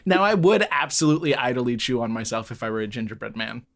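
A playful podcast co-host who often jokes at their own expense and laughs a lot. The voice sits mid-range, with lively, animated pitch. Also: fast, creaky, no echo. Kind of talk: casual chat.

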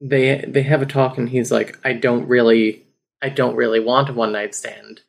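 A man's voice: mid-range voice, flat delivery, normal speed, gravelly. Man chatting and reading aloud. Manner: laughs often, reads passages with an embarrassed amusement. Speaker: guest on a book podcast. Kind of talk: casual chat and reading aloud.

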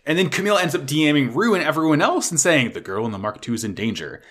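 A man excitedly recapping an anime episode in casual chat, swearing often and gushing like a fan. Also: on the high side, fast talker.

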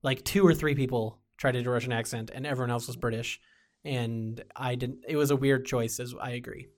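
A man's voice: mid-range voice, fairly even intonation, fairly quick. A man chatting casually about TV shows, rambling with many fillers and restarts. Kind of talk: casual chat.

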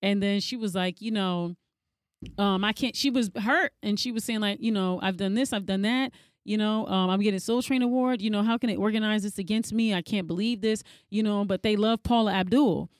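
A woman co-hosting a casual chat, telling stories with lively energy and acting out what others said. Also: brisk, no echo, studio quality. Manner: animated storyteller, acts out quotes in a high voice.

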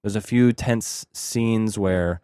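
A man's voice: fairly low pitch, slow pace, mellow, clear, resonant tone, dry recording, studio quality. A man co-hosting a podcast, casually recapping a movie in a rambling way, often restarting his sentences. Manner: rambling, frequent restarts and hedging fillers. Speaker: podcast co-host.

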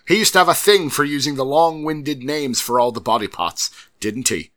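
A man reading a listener's letter aloud in a put-on British accent that slips toward Irish, voicing a cheery male wrestling fan in a loud, bouncy, theatrical way. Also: medium pitch, moderate pace, voice pushed up, natural voice. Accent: put-on British, drifting toward Irish.

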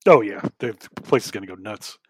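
A man's voice: lowish voice, expressive, quick pace, slightly rough, no room sound. A man co-hosting a podcast in casual chat, chiming in with short remarks and agreement. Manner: chimes in with short agreement and laughs. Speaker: podcast co-host.

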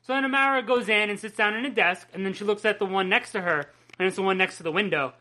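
Woman, podcast co-host, casual chat, enthusiastic, bright tone, swears freely. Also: mid-range voice, fast talker. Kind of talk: casual chat recapping a cartoon episode.

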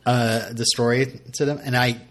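A man's voice: medium pitch, little pitch movement, normal speed. A young man talks through a podcast episode in a loose, rambling way. He keeps restarting his sentences and pokes fun at himself as he goes. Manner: rambling, self-mocking, full of fillers and restarts. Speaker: podcast co-host. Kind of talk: casual chat.

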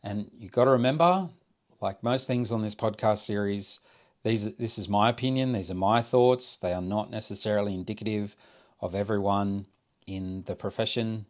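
A middle-aged man, an architect hosting a solo podcast and talking in a measured, reflective way as he thinks aloud into a close microphone. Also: on the low side. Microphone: close desk microphone.

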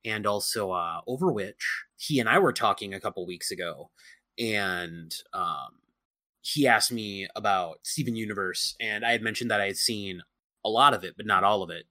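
Earnest man, halting with many fillers. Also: lowish voice, pushed and bright, no room sound. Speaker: podcast co-host. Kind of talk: casual chat.

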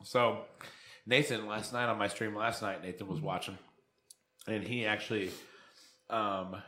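A man in his thirties co-hosting a live show, in loud, profane, exasperated casual banter. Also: lowish voice, little pitch movement, unhurried. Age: 30s. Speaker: podcast co-host.

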